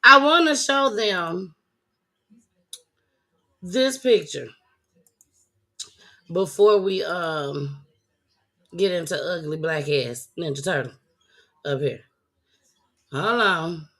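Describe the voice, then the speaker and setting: Woman host rambling to her viewers, laughs a lot, sharp bright tone. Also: fairly low pitch, expressive, slow, pauses often. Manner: loose, laughing, talks straight to viewers. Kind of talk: casual chat.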